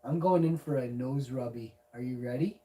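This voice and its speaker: A man's voice: mid-range voice, moderate pace, mellow, far from the mic, rough recording. A man streaming live, goofy and rambling, talking casually to viewers and lapsing into baby talk with his cat. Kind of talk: casual livestream chat.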